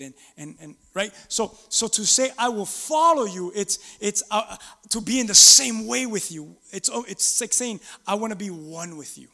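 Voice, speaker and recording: A man's voice: sits high, big-room sound. A man preaching a sermon as pastor, acting out scripture quotes and calling on the congregation to answer back. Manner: animated, acts out scripture quotes, asks the congregation to respond. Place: church sanctuary.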